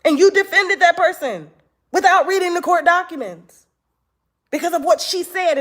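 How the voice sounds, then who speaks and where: A woman hosting an online talk show, telling stories to her viewers in a casual, animated and profane way and acting out what other people said. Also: extremely high pitch, normal speed. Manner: animated storytelling, acts out quotes, profane.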